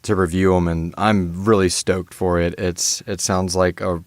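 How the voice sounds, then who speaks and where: A male podcast host speaks in a somewhat low register, rambling and restarting as he chats with his guest. The sound is dry and close. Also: level tone, no echo. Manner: rambling, halting, many restarts and praise. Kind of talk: casual interview chat.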